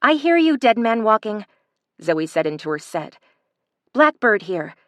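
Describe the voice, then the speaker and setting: A narrator voicing an excitable young woman who speaks high and eagerly in an audiobook thriller. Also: measured pace, no room sound, studio quality. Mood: urgent.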